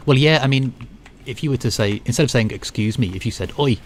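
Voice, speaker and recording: A game streamer from the North of England, with an accent near Scouse, chats casually with viewers while playing, easygoing and saying "like" and "you know" a lot. His voice is medium-pitched and fast, with slight background noise.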